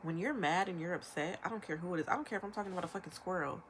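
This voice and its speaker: A young female vlogger with a fairly low voice rants on camera against a noisy background. Her commentary is emphatic and rapid-fire, animated with imitated quotes.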